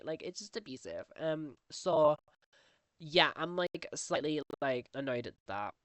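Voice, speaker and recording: A young woman talks loosely over her game footage, wandering from one thought to the next. She jumps up into a higher voice to quote the people she talks about. Her tone is bright and sharp, recorded dry and close. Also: expressive, measured pace, no room sound. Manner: rambling and chatty, acting out quoted dialogue in a higher voice. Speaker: Minecraft roleplay vlogger. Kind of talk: casual voiceover chat.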